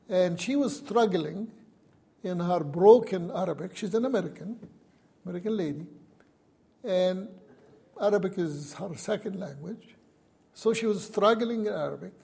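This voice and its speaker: A man's voice: high voice, vocal fry, warm tone, slightly rough. A man, a university professor, telling a personal story and recounting events with wry chuckles.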